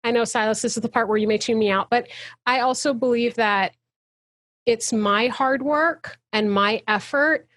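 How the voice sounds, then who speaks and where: High-voiced woman on a passionate rant. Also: moderate pace, fairly bright tone, dry recording. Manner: passionate, emphatic, soapbox ranting. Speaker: guest actor. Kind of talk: casual interview chat. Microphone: video call.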